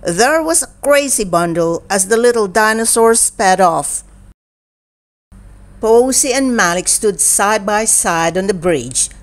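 Woman reading a kids picture book out loud, really slow, super lively up and down tone. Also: mid-range voice. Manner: slow, expressive and animated reading. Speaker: storybook reader. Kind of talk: children's bedtime story read-aloud.

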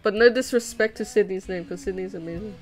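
A woman's voice: mid-range voice, quick pace. A young woman livestreaming while she draws, chatting casually with her viewers in a bubbly, rambling way with lots of giggles and fillers. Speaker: livestreaming animator. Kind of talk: casual chat reading stream chat while drawing.

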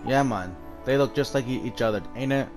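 A man's voice: medium pitch, brisk, lightly acted. A man voicing a chatty, slangy little male fairy, teasing his friends in a game scene over music. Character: cheeky little male fairy with a lantern nose.

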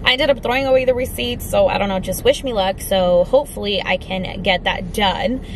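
A woman's voice: medium pitch, fairly quick, background noise. A young woman chatting casually into her vlogging camera at home, peppering her talk with "like". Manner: chatty, heavy use of "like". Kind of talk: casual vlog chat. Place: indoors at home.

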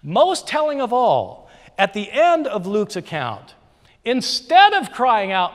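High, lively man debating in a hall. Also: unhurried. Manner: emphatic, rhetorical repetition. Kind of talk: formal debate speech. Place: university lecture hall. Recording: reverberant hall.

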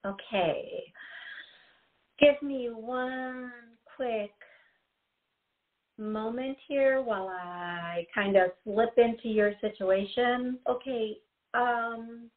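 A woman's voice: fairly high pitch, very slow, long pauses. A woman hosting a call-in radio show as a psychic, chatty and given to giggling, repeating her warnings to the caller. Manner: chatty, giggly, gives advice in repetitive warnings. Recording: tinny phone-like audio.

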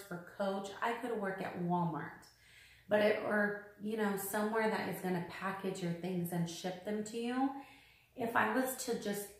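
Upset woman vlogging in an echoey room. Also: medium pitch. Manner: upset, exasperated, repeats herself, many fillers. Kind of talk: unboxing vlog complaint.

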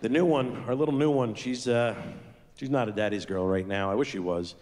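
A middle-aged man performing a stand-up comedy routine on a theater stage, with deadpan asides and acted-out quotes of his kids. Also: medium pitch, a little fast, big-room sound. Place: theater stage before a crowd. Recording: live stage recording with audience noise.

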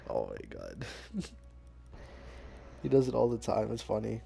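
A man's voice: mid-range voice, very animated, normal speed, creaky, long pauses, dark tone, breathy edge. A young man chatting casually while gaming with a friend, swearing often and laughing as he mimics his buddies. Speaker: gaming channel host.

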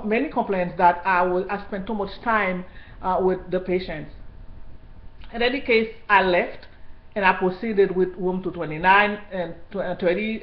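A woman who worked in hospital care tells her story as a personal testimony, indignant and halting, with many restarts. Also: mid-range voice, roomy sound, highs cut off.

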